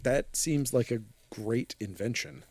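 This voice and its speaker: Man, podcast co-host, casual movie recap, relaxed delivery, dry close mic. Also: mid-range voice, unhurried, creaky, dry recording. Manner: laid-back, laughs often, trails off.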